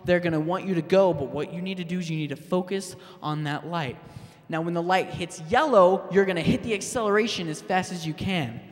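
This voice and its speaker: Halting deadpan comedian, high voice. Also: male voice. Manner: hesitant, halting delivery with fillers and restarts. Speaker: stand-up comedian. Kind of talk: deadpan stand-up set. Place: public access TV studio stage. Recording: long hall reverb.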